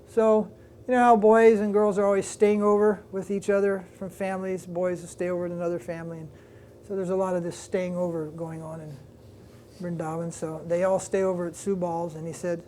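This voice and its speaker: Older male swami, mellow tone, storytelling sermon style, faint room hum behind. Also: high-pitched. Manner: lively retelling with quoted voices, pauses to recall details. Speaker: swami giving a religious class. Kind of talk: devotional storytelling lecture.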